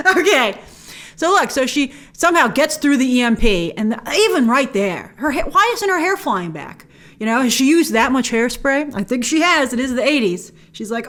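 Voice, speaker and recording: A woman's voice: fairly high pitch, lively intonation, brisk, fairly bright tone. A woman hosting a movie trailer breakdown, talking with wry, joking asides. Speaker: movie trailer reviewer host.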